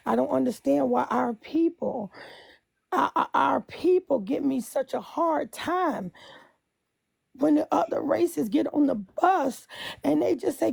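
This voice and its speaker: A high-pitched woman with a deeply gravelly, fry-laden voice and a mellow, dark tone. She vents with passion into her phone, repeating herself and drifting into hummed hymn lines. The sound is dry and close. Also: lively intonation, unhurried, no echo. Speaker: bus driver. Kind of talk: emotional venting on a live stream.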